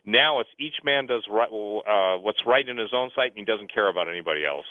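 A man's voice: lowish voice, expressive, brisk, dry recording. A man talking at length as a guest on talk radio, rambling and urgent, often restarting his sentences. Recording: phone-line radio sound, dry.

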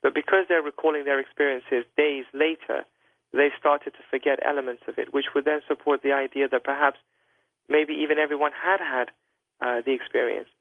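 A man speaks as a guest doctor on a radio call-in, measured and hedging, with frequent fillers. His voice comes through a tinny, narrow phone line. The sound is dry and close. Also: mid-range voice, fairly even intonation, no room sound. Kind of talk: careful explanatory talk over a phone line.

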